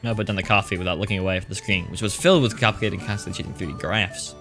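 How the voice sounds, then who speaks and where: A low-pitched man races along in a steady, somewhat bright tone over faint background music. He's streaming a visual novel, reading lines aloud and wandering into joking, rambling remarks that often restart, all in casual let's-play fashion.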